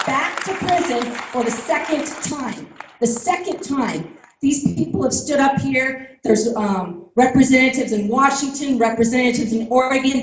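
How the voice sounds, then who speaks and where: A woman's voice: a little high, background noise. A woman giving an impassioned, indignant public comment at a town meeting. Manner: fervent, indignant, rising to shouts. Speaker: resident speaking at a public meeting. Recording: echoey hall from a distance.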